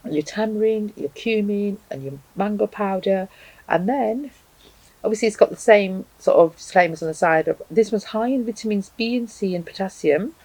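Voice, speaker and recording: A woman's voice: medium pitch, normal speed, a little mellow, no echo, poor audio. A woman reviewing hot sauces to camera at home, chatting casually and thinking aloud with frequent ums. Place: home, indoors with a cat.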